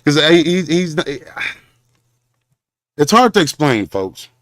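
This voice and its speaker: A man from Southern hosting a confrontational livestream rant, rambling and halting, with preacher-like condemnations. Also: on the high side, sing-song, fairly bright tone, no room sound, clean studio sound. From Southern Oklahoma. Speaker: show host.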